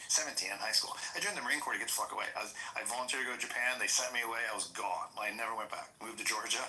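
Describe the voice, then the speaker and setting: A middle-aged man tells stories on a podcast, and he talks fast, low-pitched and bright. He is blunt and swears freely. He slips into his mother's lines as he recounts them. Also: poor audio. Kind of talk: casual podcast chat.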